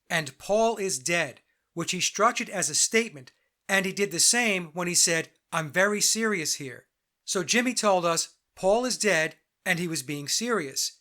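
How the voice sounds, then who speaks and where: A man with a fairly high, bright, forceful voice hosts a commentary show. He reads his script in a measured, deliberate way. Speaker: podcast host.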